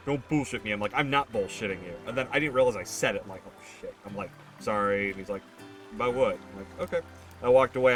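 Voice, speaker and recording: A man's voice: fairly low pitch, fairly bright tone. A man streaming a game while telling rambling, self-correcting stories about work. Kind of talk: casual chat while gaming.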